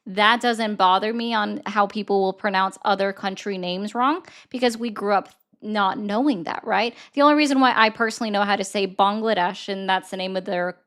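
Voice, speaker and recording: Sharp-questioning woman with a smooth voice. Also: mid-range voice. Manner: pointed, rapid-fire questioning. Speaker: host. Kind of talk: argumentative debate.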